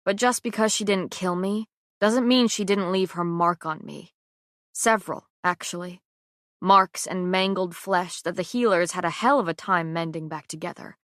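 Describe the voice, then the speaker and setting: Woman narrating an audiobook in a measured voice. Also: on the low side, a bit bright, dry recording, studio quality. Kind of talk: first-person audiobook narration.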